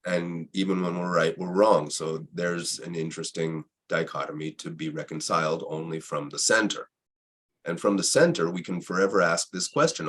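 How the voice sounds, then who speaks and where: Low, husky man in reflective talk; repeats himself, asks rhetorical questions. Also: moderate pace, a bit bright. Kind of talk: reflective spiritual conversation.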